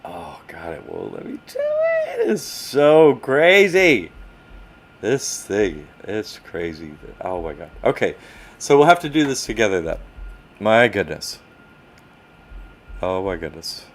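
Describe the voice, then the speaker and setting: A man's voice: lowish voice, slow, long pauses. A man hosting a live stream, talking casually to chat while he struggles with his screen. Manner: animated, talks to chat while fumbling with the screen. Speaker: livestream host answering chat. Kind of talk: casual livestream talk.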